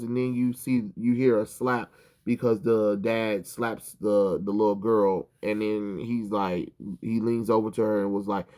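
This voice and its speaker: A man's voice: fairly low pitch, little pitch movement, unhurried, a little mellow. A man recapping a comic book in a casual vlog, rambling, swearing and full of ums and restarts.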